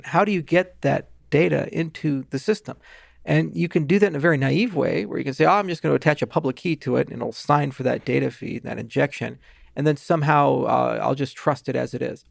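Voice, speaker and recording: Gravelly man explaining at length. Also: mid-range voice, no echo, clean studio sound. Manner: fast, technical explaining with asides and restarts. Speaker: guest, blockchain founder. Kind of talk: podcast interview.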